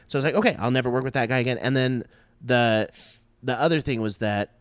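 A man with a smooth, medium-pitched voice co-hosts a comedy podcast, heard in a dry recording. In casual chat he tells crude, rambling stories, often breaking into quick bursts of laughter.

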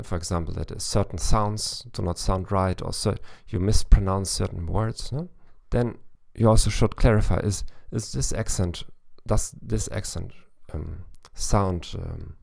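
Gravelly low-voiced man giving advice. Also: darkish tone. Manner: thoughtful, with frequent restarts and fillers. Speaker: language coach podcast host. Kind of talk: solo advice podcast.

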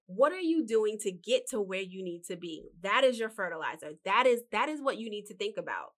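A woman hosting a casual motivational talk. She gives life advice in a lively, preachy way, asks one rhetorical question after another, and calls the listener honey. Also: medium pitch, brisk. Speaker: podcast host giving life advice.

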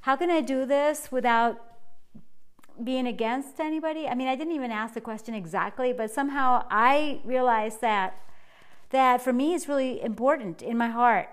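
A woman hosting a solo podcast, talking in a bubbly, energetic way and laughing often. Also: high voice, normal speed. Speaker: podcast host and life coach. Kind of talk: casual solo podcast monologue.

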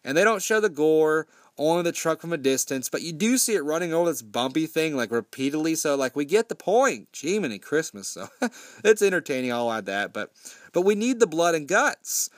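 In a clean, dry studio recording, a movie reviewer with a highish, very animated voice recaps a horror film at a fairly quick clip. His casual take is sarcastic and full of swearing, and he briefly mimics the characters' lines.

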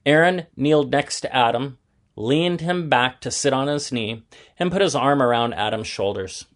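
A man narrating a children's story aloud in a gentle, even storytelling manner. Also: mid-range voice, moderate pace.

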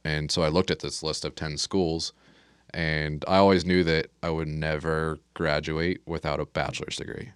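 A young man with a very deep, smooth voice talks easily in a casual interview. He tells stories with wry exaggeration and an unhurried warmth of detail. The sound is dry and close to the mic. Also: no echo. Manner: relaxed storyteller, wry exaggeration. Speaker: guest, air traffic controller.

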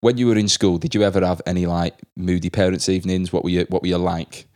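Deep-voiced host, dry sound. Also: male voice, level tone, quick pace, a little mellow, no echo. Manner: laid-back, laughs often, says mate. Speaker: podcast host. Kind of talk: casual podcast chat.

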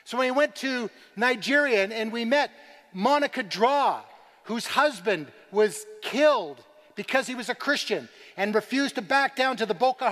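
A man's voice: very high-pitched, fairly bright tone. Earnest male preacher in echoing church. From Canada. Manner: earnest storytelling, rising to emphatic declarations. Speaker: guest speaker on persecuted church. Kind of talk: sermon. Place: large church. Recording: long reverb of a large hall.

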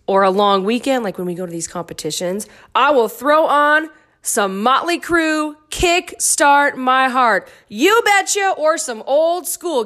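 A woman's voice: high-pitched, fairly bright tone. A middle-aged woman hosting her own dance fitness podcast, chatty and goofy with playful asides. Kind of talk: casual solo podcast talk.

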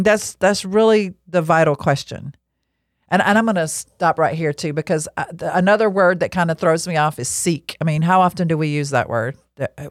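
A middle-aged woman giving a conversational Bible talk on prayer, chatty and animated, telling funny personal stories between readings. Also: lowish voice, no room sound, clean studio sound. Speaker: podcast Bible teacher.

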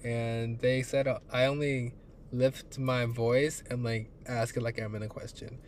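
A man co-hosting a podcast in casual chat, playful and quick to laugh, often trailing off mid-sentence. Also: medium pitch, flat delivery, slight background noise. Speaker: podcast co-host.

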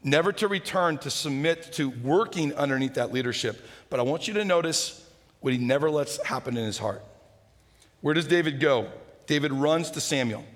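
A man preaching a sermon, retelling a story with lively humor and acting out its characters. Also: a little high, moderate pace. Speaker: pastor. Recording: hall reverb.

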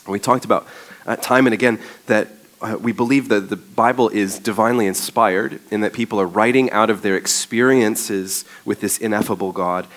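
A man's voice: fairly low pitch, steady tone, normal speed, fairly bright tone. A male pastor preaching a sermon in a conversational way, with frequent ums and uhs.

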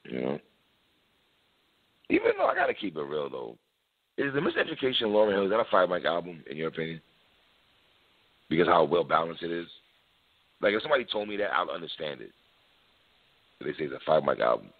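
Deep-voiced laid-back man, tinny sound. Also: huge pitch swings, brisk, long pauses. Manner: laid-back, slangy, laughs often, repeats phrases. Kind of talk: casual hip-hop debate chat.

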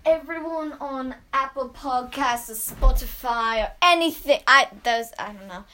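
A woman's voice: high-pitched, measured pace, pushed and bright. A young American woman co-hosting a casual podcast, giggly and silly, putting on a mock Australian accent. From United States. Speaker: podcast co-host. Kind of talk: casual chat.

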